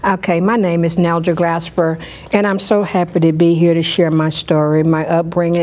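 A woman telling a personal story in an interview, lively, and she acts out what others said. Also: on the low side, normal speed. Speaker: storyteller sharing her life.

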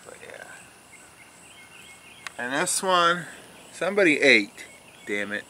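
A man casually vlogging, chatty and loud while showing his garden, then speaking softly to soothe a sleepy cat. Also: fairly high pitch, very animated, slow pace. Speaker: daily vlogger. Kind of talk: casual vlog narration. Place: outdoors in a garden. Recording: handheld camera, clear background noise.

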